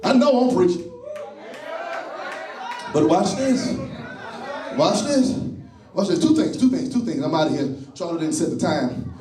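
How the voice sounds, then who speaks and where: A man preaching a sermon in a church, repeating phrases, calling on the congregation and building to shouts. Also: high-pitched, animated, a little slow, pauses often, a crowd in the background. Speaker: pastor. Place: church sanctuary. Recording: echoey church from a distance.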